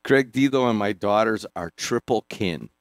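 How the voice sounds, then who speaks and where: A middle-aged man hosting a radio sports talk show, teasing and joking in quick bursts with frequent restarts. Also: lowish voice, no room sound, clean studio sound. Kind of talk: casual radio banter. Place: radio studio. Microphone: studio microphone.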